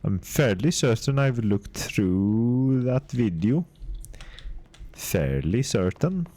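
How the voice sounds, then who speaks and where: A man putting on a deliberately bad Swedish accent in a whispered role-play ASMR voice, soft and hushed with mock-formal wording. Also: mid-range voice, big pitch swings, pitched above the performer's own voice. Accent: put-on Swedish.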